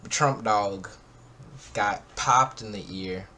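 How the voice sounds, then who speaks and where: A man's voice: lowish voice, slow, bright, forceful tone, slight background noise. A young man co-hosting a casual podcast, loose and profane, full of "bro" and "like.". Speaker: podcast co-host. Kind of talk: casual chat.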